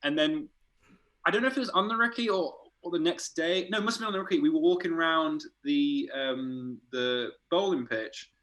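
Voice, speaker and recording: A man, an art director, casually telling animated stories in a podcast chat, laughing and swearing as he goes. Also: on the high side, normal speed, poor audio.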